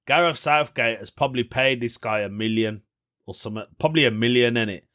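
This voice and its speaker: A man's voice: medium pitch, sing-song, normal speed, fairly bright tone. A young man, hosting a casual solo podcast, chatty and rambling, laughing often at his own jokes. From United Kingdom. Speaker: podcast host.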